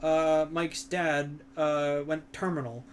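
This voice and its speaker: A man's voice: on the high side, level tone, slow pace, a little hiss or hum. A young man chatting casually as a stream co-host, telling long rambling stories full of fillers and crude words. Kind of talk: casual chat.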